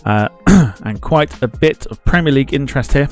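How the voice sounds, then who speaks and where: A man's voice: mid-range voice, lively intonation, normal speed, soft background music. A man hosting a live football watchalong stream, chatting casually, greeting viewers in the chat and laughing at himself as he rambles.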